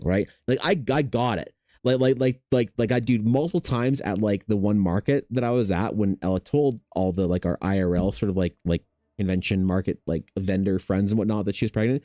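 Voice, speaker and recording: A young man chatting casually while drawing on his art stream, telling stories in a rambling, animated way full of fillers. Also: lowish voice, brisk, no room sound, clean studio sound. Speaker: artist hosting a drawing stream.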